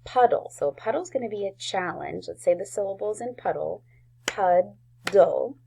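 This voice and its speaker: A woman teaching a recorded phonics lesson to first graders, sounding out words slowly and clearly with gentle encouragement. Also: mid-range voice, lively intonation, a little hiss or hum.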